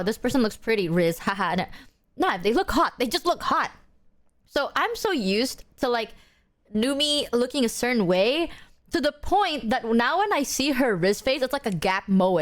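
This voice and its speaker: A woman's voice: high-pitched, fairly bright tone. A woman streaming, chatting casually to her chat and stressing her points with insistent repeats. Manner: emphatic, insistent, repeats herself. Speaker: streamer reacting to a clip.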